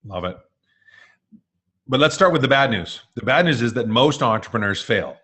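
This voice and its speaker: A man's voice: mid-range voice, animated, normal speed, pushed and bright, slightly rough. A man hosting a live webinar masterclass, talking in an upbeat, jokey way with fillers. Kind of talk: energetic presenting.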